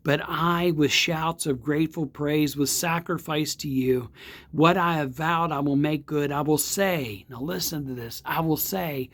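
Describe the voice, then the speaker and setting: A man, a pastor, giving a devotional sermon in a slow, earnest way with emphatic repeats. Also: fairly high pitch. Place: outdoor or home setting, not in church.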